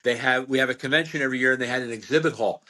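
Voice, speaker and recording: Bright-voiced older American butcher storyteller. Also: male voice, medium pitch, rapid-fire. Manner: rambling anecdotes with frequent restarts and laughs. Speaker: guest, butcher and slaughterman. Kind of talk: casual storytelling interview.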